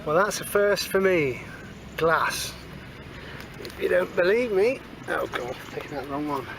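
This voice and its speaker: A man talks through his finds in a field, casual and cheeky, full of little asides. His voice sits a touch high. Outdoor noise runs clearly behind him. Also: expressive, unhurried. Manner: chatty, cheeky asides, says moving on a lot. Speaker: metal detecting vlogger. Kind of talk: casual running commentary while detecting.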